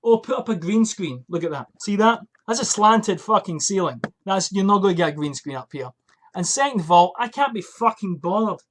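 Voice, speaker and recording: A man's voice: high voice, animated, a little fast, fairly bright tone. A young man vlogging from a small attic room into a USB desk mic, ranting and swearing in exasperation before his fragrance review. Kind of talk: casual vlog rant. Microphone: USB desk microphone.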